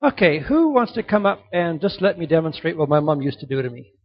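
A man's voice: on the high side, very animated, a little fast, slightly rough. Emphatic middle-aged male youth preacher. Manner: emphatic, repeats key points, drops to soft earnest tones. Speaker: youth speaker. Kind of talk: motivational sermon to a young audience. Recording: dull lo-fi recording.

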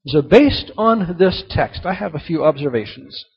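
A man preaching a sermon, telling stories and swinging between loud emphasis and soft, quiet drops. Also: fairly high pitch, lively intonation, moderate pace, gravelly, husky. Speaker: pastor. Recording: dull lo-fi recording.

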